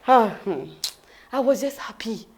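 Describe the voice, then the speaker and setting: A woman's voice: a little high, lively intonation, measured pace, darkish tone. A woman with a Ghanaian accent, an interview guest vividly telling her personal story and acting out the dialogue.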